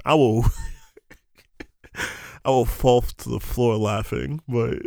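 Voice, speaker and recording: A man's voice: medium pitch, steady tone, slow, creaky, a little mellow, no echo, clean studio sound. A young man hosting a podcast, telling a story in a casual, profane, ranting way with frequent laughs. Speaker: podcast host.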